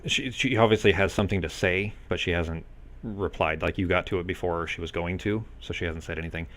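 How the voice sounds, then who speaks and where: A man's voice: deep voice, brisk, a bit bright. A man narrating as game master in a loose, hesitant way with many fillers.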